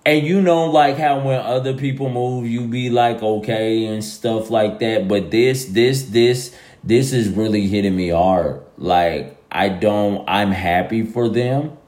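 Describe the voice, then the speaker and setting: A man's voice: lowish voice, a little slow, darkish tone. A young man talking casually to his listeners, rambling and emphatic, repeating himself in slangy speech. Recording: echoey room.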